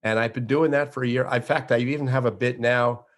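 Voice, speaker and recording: Male guest, 60s, from Florida, animated storyteller. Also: medium pitch, fairly quick. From Florida, USA. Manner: animated storyteller with frequent restarts. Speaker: guest, entertainer. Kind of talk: interview conversation.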